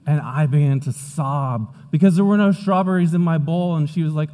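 A young adult man, a pastor, preaching and praying in a relaxed, conversational way, telling stories with lively acted-out moments. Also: fairly high pitch, normal speed, few pauses. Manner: conversational storytelling preacher, animated retellings. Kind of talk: sermon. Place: church hall. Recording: long hall reverb.

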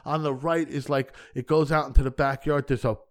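A male stand-up comedian telling a casual, profane story as a podcast guest, acting out the dialogue with sudden jumps in pitch and loudness. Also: level tone, brisk. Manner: profane, rambling with frequent restarts.

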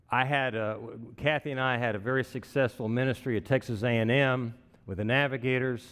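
Sixty-something preacher in a reverberant hall. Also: male voice, mid-range voice. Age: 60s. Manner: conversational, anecdotal, chuckling asides. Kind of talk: sermon.

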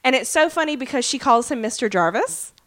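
A woman's voice: on the high side, lively intonation, a little fast, a bit bright. A woman co-hosting a podcast in casual chat, enthusiastic and gushing. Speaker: podcast co-host.

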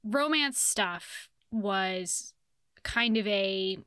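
A woman chatting casually about a video game, telling stories in an animated, profane way and quoting characters. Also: mid-range voice, drawn-out words, clean tone, dry recording, studio quality. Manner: animated, profane storytelling with quoted voices. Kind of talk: casual gaming chat.

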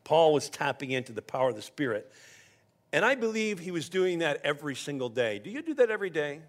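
This pastor speaks quickly and with great animation, his voice pitched fairly high. He preaches a sermon that teaches from scripture in a conversational style, weaving in personal stories and stumbling into the occasional restart.

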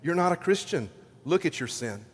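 A scornful, accusing devil sneers and taunts, as a male preacher puts him on. The voice sits a bit high and rings out with the long reverb of a large hall. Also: expressive, normal speed, husky. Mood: taunting.

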